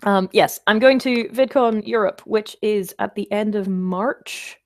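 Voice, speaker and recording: A woman's voice: medium pitch, unhurried, a little mellow. A woman hosting a casual livestream, chatting and rambling as she answers viewer comments, with wry self-deprecating asides.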